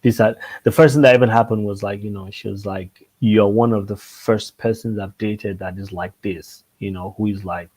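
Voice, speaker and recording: A man talking as a panelist in a casual discussion, animated, repeating phrases and checking in with his listeners. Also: on the low side, moderate pace, hardly any pauses, breathy edge, low-quality recording. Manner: animated, repeats phrases and asks "see what I'm saying?".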